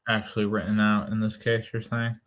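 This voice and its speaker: A man's voice: on the low side, monotone, a little fast, a crowd in the background. A man in a casual Bible study group, asking questions and thinking aloud with frequent restarts.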